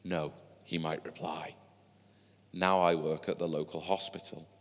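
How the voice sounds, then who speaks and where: A man's voice: a bass voice, flat delivery, measured pace. A man preaching a sermon, telling stories in a conversational way with asides to his listeners. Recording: long hall reverb.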